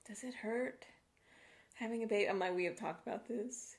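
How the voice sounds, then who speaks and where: A heavily pregnant woman in her thirties co-hosting a casual chat, telling stories in a relaxed, chatty way. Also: medium pitch, moderate pace. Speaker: co-host.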